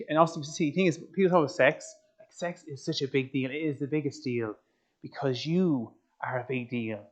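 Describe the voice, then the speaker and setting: A man giving a personal testimony talk, telling his story in an animated way and turning to the audience with questions. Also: medium pitch. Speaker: speaker. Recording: slightly muffled recording.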